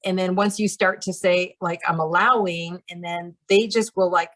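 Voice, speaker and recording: A woman's voice: lowish voice, steady tone, normal speed. A woman leading a channeling practice group who talks in a casual, chatty way, with many fillers and light laughs.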